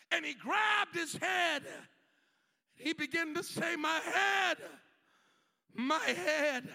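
A male pastor preaching with a strikingly high, gravelly voice that has a sharp, piercing edge. He builds his phrases with "uh" fillers and climbs into shouts. The sound rings with the long reverb of a big church hall. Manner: emphatic preaching that rises to shouts, with frequent "uh" fillers between phrases. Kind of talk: sermon. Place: church sanctuary.

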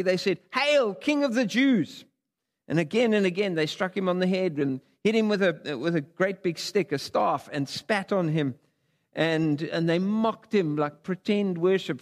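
A male preacher with a fairly high voice delivers a sermon, and his voice carries a long reverb from a large sanctuary. He reads scripture dramatically, rising high and dropping low in his voice. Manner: dramatic scripture reading with big pitch swings. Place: church sanctuary.

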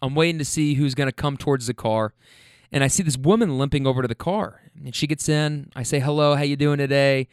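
At a brisk pace, a man with a mid-range voice recounts amusing passenger encounters from his rideshare job, laughing and cursing as he tells them. The sound is clean studio audio with a dry quality. He's animated and casual throughout.

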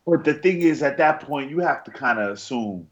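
A man co-hosting a podcast in casual chat, measured and hesitant, restarting his phrases. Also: mid-range voice, expressive, fairly bright tone, dull audio. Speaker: podcast co-host.

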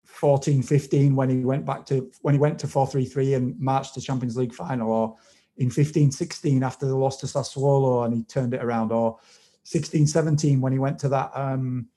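A man co-hosting a casual podcast, speaking over a video call in a knowledgeable, measured way with frequent restarts. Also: medium pitch, steady tone, dark tone. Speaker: podcast co-host and football analyst. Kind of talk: casual chat, detailed analysis.

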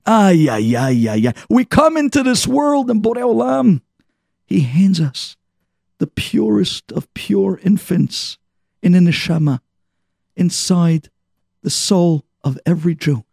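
A man preaching a sermon as an animated parable, acting out the characters. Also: high-pitched, takes it slowly, creaky, no room sound, clean studio sound. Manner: animated parable-telling with voices. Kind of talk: storytelling sermon.

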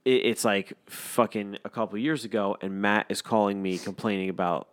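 A young man with a fairly low voice, chatting on a podcast. He swears all the time and tells stories in a rambling way, slipping into quick impressions of the people he is talking about. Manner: swears constantly, animated storytelling with impressions. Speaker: podcast co-host. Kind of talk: casual chat.

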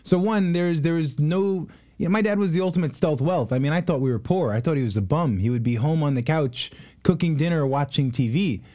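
A man in his twenties, a guest in a casual interview, telling stories in an animated way with many fillers. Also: fairly high pitch, brisk. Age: 20s. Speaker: guest, real estate investor.

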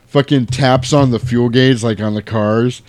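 A man's voice: mid-range voice, steady tone, a little slow, darkish tone, no room sound. A man chatting casually on a podcast, rambling through a film plot with playful quoted voices and the odd swear word. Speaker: podcast co-host recapping a film. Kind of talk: casual chat.

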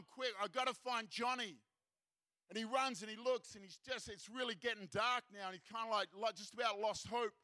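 Young Australian man, animated storytelling preacher, bright tone, dry close sound. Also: sits high, no echo. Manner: animated, acts out characters' lines. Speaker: seminar speaker. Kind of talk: storytelling sermon.

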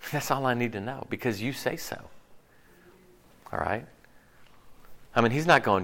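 A middle-aged man preaching a casual, conversational sermon, chatty and animated, with slangy asides and frequent restarts. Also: mid-range voice, fairly quick, long pauses. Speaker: pastor.

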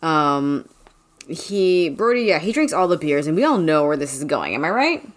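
A woman with a somewhat low voice co-hosting a podcast, recapping a story from her notes. Her delivery is dry and sarcastic, and she swears casually. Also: very animated, normal speed. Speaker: podcast co-host. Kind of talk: casual chat recapping a book.

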